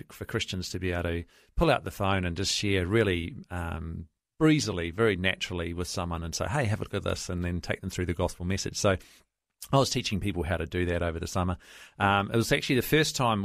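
A man's voice: sits low, vocal fry, dry recording, clean studio sound. A man from New Zealand with a New Zealand accent, a guest on a radio interview, talking in a chatty, enthusiastic way with many fillers and restarts. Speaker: guest, evangelism trainer. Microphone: studio microphone.

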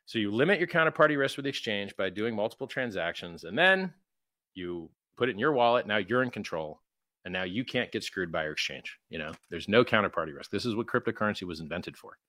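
A man with a somewhat low, bright and forceful voice talks emphatically, slipping into mocking voices for quoted exchanges. The sound is dry and close to the mic. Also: expressive, fast talker, no room sound. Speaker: guest, crypto founder. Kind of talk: animated interview talk.

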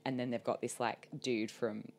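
A woman's voice: a bass voice, normal speed. A woman co-hosting a podcast, telling a story in casual chat, laughing often and leaning on "like". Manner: animated storytelling, lots of "like" and laughter. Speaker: podcast co-host.

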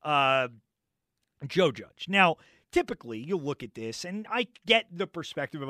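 A man hosting sports talk radio, loud and mocking, arguing and ranting from a studio mic. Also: on the high side, very animated, normal speed, dry recording. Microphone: studio microphone.

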